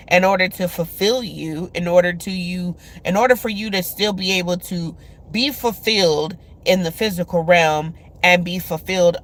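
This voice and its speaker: Chatty woman giving a spiritual reading. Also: lowish voice. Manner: chatty, many filler words; speaks to viewers directly. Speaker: love reading host.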